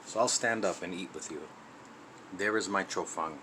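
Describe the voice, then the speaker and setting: A man with a low voice hosts his home cooking vlog, chatty and enthusiastic. He is recorded on the camera mic in his kitchen, with a steady air-conditioner hum behind him. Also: normal speed. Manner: chatty, enthusiastic, talks while eating. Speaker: cooking channel host.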